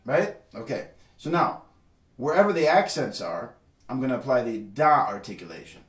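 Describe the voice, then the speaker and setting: A man's voice: medium pitch, big pitch swings, normal speed, fairly bright tone, reverberant, far from the mic. A man giving a trumpet lesson, explaining rhythm and singing syllables to show it. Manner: sings syllables to demonstrate rhythm. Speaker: trumpet teacher. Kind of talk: instructional video lesson.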